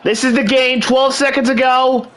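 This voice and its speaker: A man's voice: very high voice, flat delivery, normal speed, fairly bright tone, slight background noise, poor audio. A young man hosting a video game channel, hyping his game like a sportscaster in upbeat play-by-play commentary. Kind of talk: hyped gameplay commentary.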